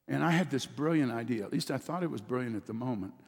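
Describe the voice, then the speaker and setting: A man's voice: mid-range voice, animated, quick pace, gravelly, breathy edge. Preaching man in a reverberant hall. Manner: call-and-response preaching, rising emphatic delivery. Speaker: pastor. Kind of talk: sermon. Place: church sanctuary. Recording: long reverb of a church hall.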